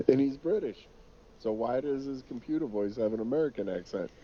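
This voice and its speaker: A man's voice: mid-range voice, animated, normal speed, warm tone, highs cut off. A man joking and laughing with teammates during an online game, swearing as he calls out the action. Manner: joking, laughs often, profane, calls out plays. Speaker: gamer on a co-stream. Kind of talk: casual game chat with teammates.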